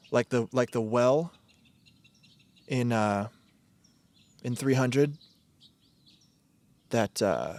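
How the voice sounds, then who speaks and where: A man's voice: mid-range voice, dry recording. A man hosting a solo podcast, rambling and swearing, often breaking off mid-sentence to start again. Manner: digressive, profane, self-interrupting. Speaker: podcast host.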